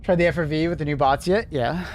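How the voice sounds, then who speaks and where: A man's voice: on the high side, fast talker, a little hiss or hum. Chatty man on a gaming livestream. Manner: chatty, laughs often, talks to chat and his cat. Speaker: livestreamer reading chat. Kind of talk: casual livestream chat.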